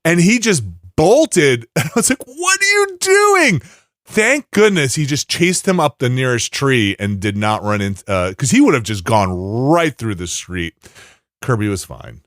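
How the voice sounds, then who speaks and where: Male podcast host, lively pitch, dry close mic, rambling casual storyteller. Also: a little slow, no room sound. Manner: rambling storyteller, animated, many restarts.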